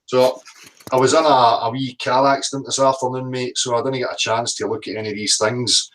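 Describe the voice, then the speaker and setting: A man's voice: mid-range voice, flat delivery, a little fast, fairly bright tone, slight background noise, poor audio. A Scottish man hosting a casual livestream chat from home, greeting viewers by name and swearing now and then. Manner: chatty, reads out viewer names, swears casually. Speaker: livestream host.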